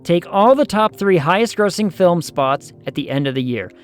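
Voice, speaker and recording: A man's voice: high voice, expressive, moderate pace, smooth, soft background music. A man streaming a management game, chatting casually and thinking aloud as he plays.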